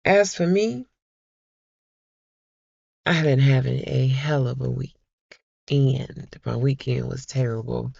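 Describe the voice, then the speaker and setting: A middle-aged woman vlogger chatting to her viewers, telling a personal story in a slow, heartfelt way and calling them y'all. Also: very deep voice, vocal fry, warm tone, husky, no room sound, highs cut off. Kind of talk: casual chat to viewers.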